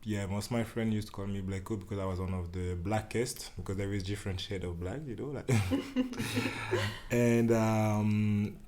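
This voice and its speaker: In a lowish, slightly mellow voice at a moderate pace, a man from the Central African Republic chats as a podcast guest. He organizes dance events and laughs softly often during this casual interview, rambling with loose phrasing.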